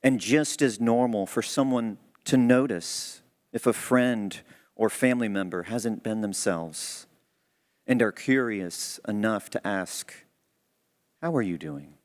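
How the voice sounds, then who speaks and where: A man's voice: fairly low pitch, slow. A man giving a church talk, telling a story in an earnest, conversational way. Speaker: church speaker. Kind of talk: sermon storytelling.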